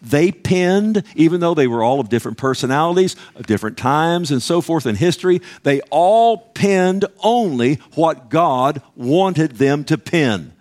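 A man's voice: a little high, animated, measured pace, few pauses, a little mellow. A man preaching a sermon, emphatic and conversational, often asking the congregation "Amen?" and acting out little dialogues.

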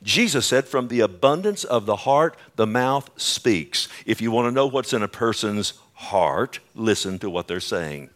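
A man preaching a sermon, swinging between loud emphasis and hushed, slow lines, asking the congregation for responses. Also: lowish voice, lively intonation.

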